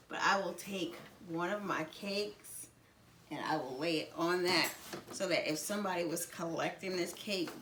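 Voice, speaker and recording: A woman host with a Southern US accent gives a cooking demonstration in a home kitchen. She chats directly to her viewers and laughs often. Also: on the low side. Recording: loud mixer noise and clicks.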